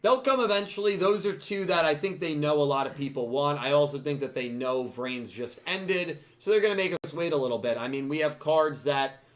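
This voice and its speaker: A man's voice: on the high side, expressive, fairly quick, few pauses. A man hosting a casual podcast chat, rambling and restarting his sentences. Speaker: podcast host.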